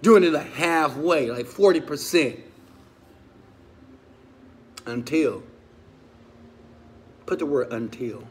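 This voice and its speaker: A man's voice: a little high, takes it slowly, long pauses. Emotional man telling his story. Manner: emotional, swings from loud urging to hushed confession; talks straight to listeners with questions. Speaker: motivational speaker. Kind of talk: personal storytelling talk.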